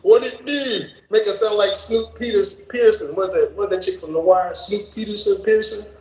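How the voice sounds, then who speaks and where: A man's voice: high voice, normal speed, darkish tone, roomy sound, rough recording. A man hosting a casual reaction stream, joking around, cursing and laughing often. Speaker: streamer host.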